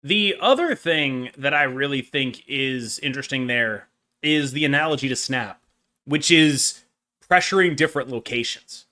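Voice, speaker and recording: Podcast host, male, bright forceful voice, quick animated delivery. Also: mid-range voice. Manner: animated, fast rambling explanations. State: brief coughing fit. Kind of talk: casual card game chat.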